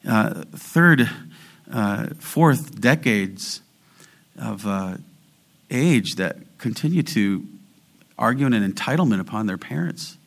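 A man preaching a sermon as pastor, moving between quiet explanation and loud, emphatic exhortation. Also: fairly low pitch, expressive, takes it slowly, gravelly, long pauses.

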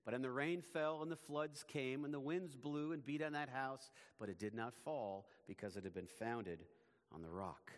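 A man preaching a sermon as pastor, in a measured, emphatic way, his phrases often falling away at the ends. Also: medium pitch, in a large hall.

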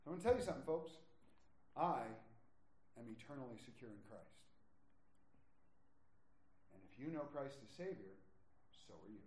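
A man preaching a sermon, stressing words slowly and dropping to quiet asides. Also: mid-range voice, slight background noise. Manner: emphatic, drawn-out stresses, drops to quiet asides. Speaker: pastor. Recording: echoey room.

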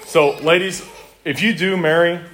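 A middle-aged pastor delivers a sermon in a church, his voice sitting a little high for a man. He preaches earnestly and with emphasis, driving his points home by repeating key phrases. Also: steady tone, moderate pace, a bit bright.

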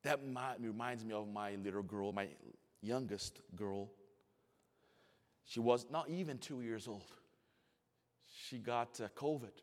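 A pastor in his forties preaching a sermon. He swings from hushed, almost whispered storytelling to loud, rising emphasis, and his English phrasing is slightly non-native. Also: mid-range voice, slow, pauses often. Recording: long hall reverb.

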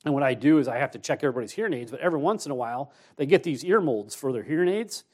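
Man, associate pastor, preaching in church, storytelling sermon, medium pitch. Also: lively intonation, rapid-fire, darkish tone. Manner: conversational storytelling, rising to emphatic exhortation.

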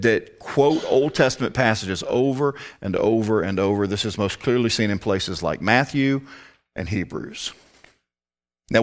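Bible teacher, male, fairly low voice, emphatic, poses rhetorical questions to the room. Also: fairly bright tone.

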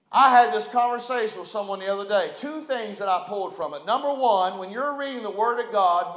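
A pastor preaches to his congregation, moving from quiet, steady talk to sudden loud swells. He is a man with a very high voice. The sound rings around an echoey church room. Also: a little fast, few pauses. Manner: preaching with call-and-response, dramatic swells. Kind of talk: sermon. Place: church sanctuary.

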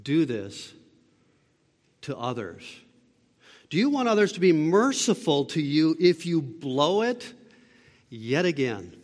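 A man's voice: on the high side, sing-song, slow, long pauses, big-room sound. A man preaching a sermon as a pastor, emphatic and asking the listeners rhetorical questions.

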